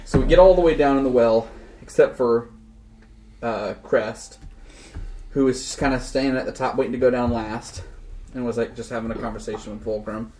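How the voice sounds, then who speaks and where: A young man tells the story of a tabletop session in a lively, joking way, full of slang. His voice sits in an ordinary middle range. He carries the story with an easy, animated flow. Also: mid-range voice, brisk, a little hiss or hum. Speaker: podcast host recapping a game session. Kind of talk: casual storytelling recap.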